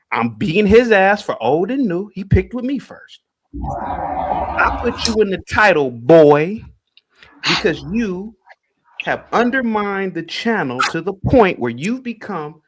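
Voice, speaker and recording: A man's voice: high-pitched, big pitch swings, takes it slowly, noisy background. A man hosting a call-in livestream, taunting and confrontational, repeating his points. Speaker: livestream host. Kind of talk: heated call-in stream rant.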